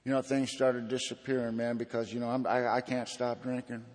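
A man's voice: mid-range voice, flat delivery, a little fast, a little mellow, long reverb tail. A man giving an earnest personal testimony at a recovery meeting, in a folksy storytelling manner.

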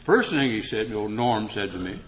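A man's voice: normal speed, slight background noise. Older man telling his recovery story. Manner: animated, rises in pitch when acting out dialogue. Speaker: recovery meeting speaker. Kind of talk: humorous personal storytelling. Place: meeting room before an audience.

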